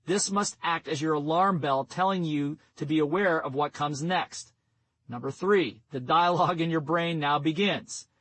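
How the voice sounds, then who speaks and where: A man narrating a nonfiction audiobook in a steady, instructive reading voice. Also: on the high side, normal speed, rough recording. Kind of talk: scripted narration.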